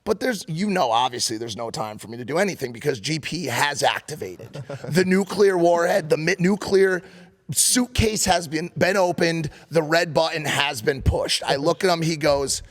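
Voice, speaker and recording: A man co-hosting a podcast, telling a story in casual chat, animated and profane. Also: on the high side, normal speed. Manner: animated, profane, acts out quotes loudly. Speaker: podcast co-host.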